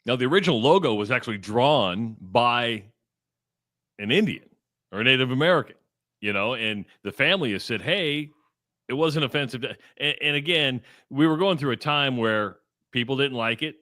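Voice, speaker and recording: A male sports radio co-host with a bright, forceful tone, talking in an emphatic, opinionated way. His voice sits at a middle pitch and sounds dry and close, with no room echo. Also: lively intonation, moderate pace. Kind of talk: casual sports talk banter. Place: radio studio.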